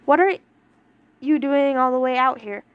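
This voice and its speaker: A woman's voice: sits high, moderate pace, no echo, lo-fi sound. Woman voicing a flustered, pouty young man. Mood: excitable. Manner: excitable, whiny, pouty. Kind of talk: fan audio drama reading.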